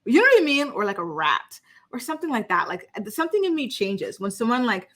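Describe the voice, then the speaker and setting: A woman with a bright, forward voice chats through a reality TV recap. She talks in an easy, opinionated way, full of "like" and "you know what I mean.". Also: fairly high pitch, sing-song, fast talker. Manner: chatty, opinionated, heavy use of "like". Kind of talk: casual chat recap.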